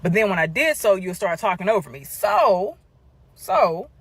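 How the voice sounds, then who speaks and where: A woman's voice: on the low side, lively intonation, quick pace, slightly rough, dry recording. A woman telling a personal story in a chatty way, talking straight to viewers. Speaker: storyteller in a shared clip. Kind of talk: casual storytelling to camera.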